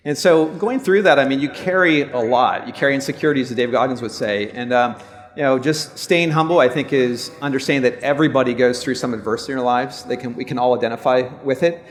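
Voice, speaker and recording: Speaking fast in a mid-range voice, a 50s law firm owner on a live panel discusses personal matters earnestly, reflectively and openly. He's on stage at a large stadium event, and the audio sounds like a large hall.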